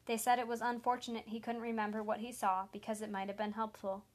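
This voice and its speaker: A woman's voice: a little high, flat delivery, fast, close to an everyday voice. A woman reading a story and voicing a frightened but defiant man pleading for someone else's life. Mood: desperate. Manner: desperate, pleading. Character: frightened, defiant male traitor, wounded.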